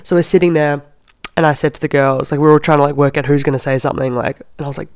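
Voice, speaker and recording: Young aussie woman podcasting, chatty storytime, lots of "like", kinda gravelly, super dry close sound. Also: deep voice, brisk, a little mellow, dry recording. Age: young adult. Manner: chatty, heavy use of "like". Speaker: podcast host. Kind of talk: casual storytelling.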